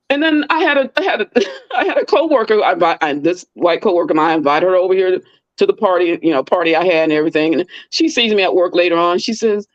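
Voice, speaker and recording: A woman's voice: fast, no echo, highs cut off. A middle-aged woman in casual chat, telling stories and acting out the people in them with big jumps in her voice. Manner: animated, acts out quoted people with big pitch leaps.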